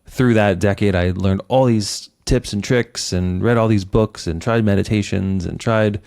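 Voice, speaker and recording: A middle-aged man with a very low voice hosts the conversation. He speaks reflectively and a little hesitantly, pausing on fillers as he thinks. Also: gravelly, a little mellow. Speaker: podcast host. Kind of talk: casual interview chat.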